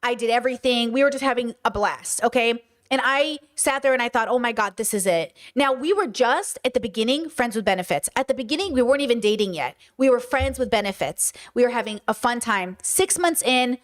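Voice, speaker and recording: A woman's voice: fairly high pitch, fairly quick, few pauses. A woman in her thirties hosting a podcast, telling a personal story in a casual monologue, acting out the dialogue and swearing freely. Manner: animated, acts out quoted dialogue, swears freely. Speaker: podcast host.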